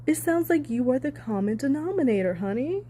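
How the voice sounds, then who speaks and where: A woman's voice: high-pitched, big pitch swings, brisk, mellow, slight background noise. A woman talking on her own channel in casual reaction commentary, heated and sarcastic, swearing hard for emphasis. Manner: sarcastic asides. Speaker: commentary vlogger.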